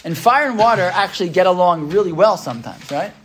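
High-voiced man teaching a text class. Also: expressive, fairly bright tone, a little hiss or hum. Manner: reads Hebrew texts slowly then explains; frequent "right?" checks with class. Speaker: Torah teacher. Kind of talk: text-based class lecture.

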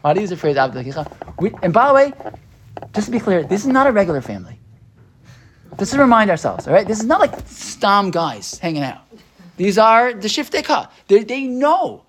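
A man teaching an interactive Torah class. He talks in an animated way, mixes Hebrew terms into his English and keeps checking in with his listeners. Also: high voice, fairly quick, slight background noise.

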